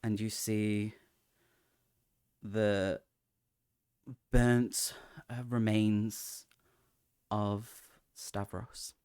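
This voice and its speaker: A man's voice: on the low side, level tone, extremely slow, long pauses, darkish tone, smooth, dry recording, studio quality. A man running a tabletop game as game master, talking casually with hesitant restarts.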